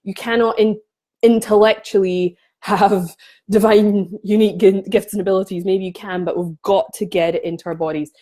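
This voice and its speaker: A woman's voice: mid-range voice, steady tone, moderate pace, mellow. A woman spiritual coach talking casually to camera, passionate and often restarting her sentences.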